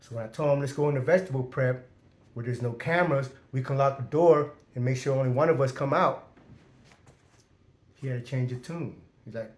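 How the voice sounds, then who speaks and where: A man in a middle-pitched voice tells a story casually, in streetwise, profane talk. He acts out the back-and-forth of quoted exchanges with his voice raised. The recording has a noticeable room echo. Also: fairly quick, darkish tone. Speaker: storyteller recounting prison life. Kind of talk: casual first-person storytelling. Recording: roomy echo.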